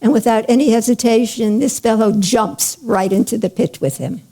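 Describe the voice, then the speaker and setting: A woman spiritual teacher telling a parable in a slow, deliberate lecture, drawing out words and checking in with her listeners. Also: a little high, mellow. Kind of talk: storytelling lecture.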